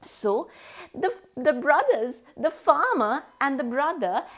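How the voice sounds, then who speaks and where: A woman's voice: high-pitched, sing-song, takes it slowly. A woman telling a children's story in a sing-song manner, making animal noises and asking a young listener questions.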